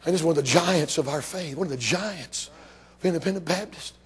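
An older man preaching a sermon to a congregation, telling a personal story, swinging between hushed passages and shouted climaxes. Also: on the high side, a little fast, husky. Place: church before a congregation.

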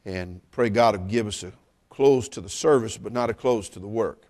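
A middle-aged man preaching at a church service, teasing the congregation with jokes and rising to loud exclamations. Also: fairly low pitch, moderate pace. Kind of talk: sermon with humorous asides.

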